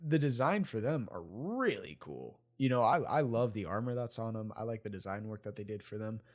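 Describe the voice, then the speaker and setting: A man's voice: lowish voice, expressive, a little fast. A man co-hosting a movie review podcast, talking enthusiastically with lots of fillers and restarts. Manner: enthusiastic, rambling, many fillers and laughs. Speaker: podcast co-host. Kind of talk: casual movie review chat.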